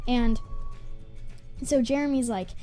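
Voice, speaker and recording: A woman's voice: fairly high pitch, slow, warm tone, soft background music. A female gaming channel host telling a school story in a casual, rambling way, full of "like" fillers and restarts.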